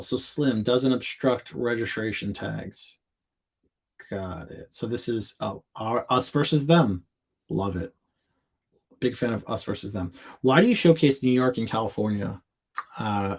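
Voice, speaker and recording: A man's voice: fairly low pitch, unhurried, vocal fry, breathy edge. A man hosting a live show, reading viewers' product listings aloud in fragments and giving candid, chatty feedback with asides and jokes. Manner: reads on-screen text aloud in fragments. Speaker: host reviewing product listings.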